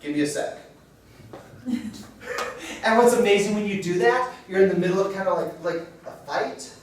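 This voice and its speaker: A man's voice: sits high, normal speed, slight background noise. A man in his forties leading a marriage workshop at a church, talking casually and checking in with his audience. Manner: conversational, self-deprecating, checks in with "okay?". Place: church hall. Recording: very echoey hall from far off.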